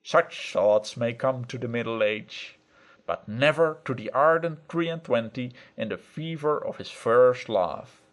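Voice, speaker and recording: Brief: male audiobook narrator, mid-pitched, steady and reflective. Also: measured pace. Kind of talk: scripted first-person narration.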